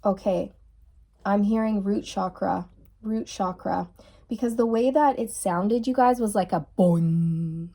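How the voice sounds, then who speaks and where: A woman giving a channeled tarot reading to her viewers, musing softly and repeating key phrases. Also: mid-range voice, fairly even intonation, a little slow. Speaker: tarot reader.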